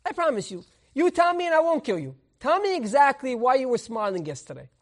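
A man's voice: very high voice, very animated, brisk, full character voice. A man voicing a proud, angry emperor who demands answers in an indignant, questioning way.

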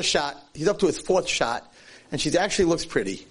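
A man preaches in a storytelling sermon, his voice husky and a little breathy. His pitch leaps and dips as he acts out the tale, keeping the delivery animated throughout. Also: normal speed. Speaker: Jewish lecturer.

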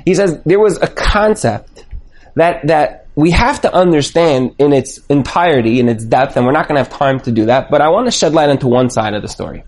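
This man's voice sits a little high and moves fairly quickly. A Torah teacher, he gives a lesson on the weekly portion, telling the story with animation, acting out the dialogue, and thinking aloud with restarts.

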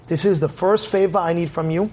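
A man voicing a worried middle-aged father who speaks in a hushed, urgent way. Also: high voice, fairly quick.

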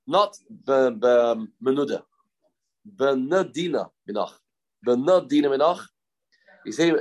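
Man thinking aloud through a Talmud class. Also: medium pitch. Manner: thinking aloud, repeating phrases, mixing Hebrew terms into English. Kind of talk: informal Talmud lesson.

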